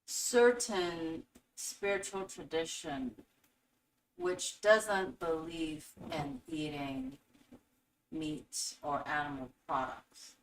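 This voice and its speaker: A woman hosting a spiritual teaching talk, telling stories in an animated way and acting out quotes. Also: sits low, drawn-out words, slight background noise. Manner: animated storytelling with acted-out quotes. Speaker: host. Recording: echoey room, voice from a distance.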